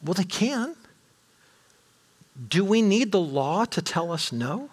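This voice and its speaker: A middle-aged man preaching a sermon to his congregation, animated, with rhetorical questions and rising intensity. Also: high voice, slow pace, slightly rough. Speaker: pastor.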